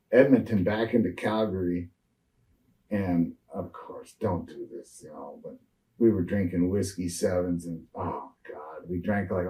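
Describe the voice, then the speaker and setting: A man's voice: low voice, dark tone, recorded from a distance, poor audio. A man in his sixties, a retired wrestler, rambling through road stories in a shoot interview with lots of fillers and restarts.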